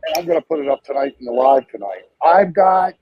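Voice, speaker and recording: A man's voice: on the high side, animated, fairly quick, breathy edge. A man joining a livestream as a guest, speaking emphatically with many filler sounds. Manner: emphatic, full of filler uhs. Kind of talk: casual livestream chat. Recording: dull dry lo-fi audio.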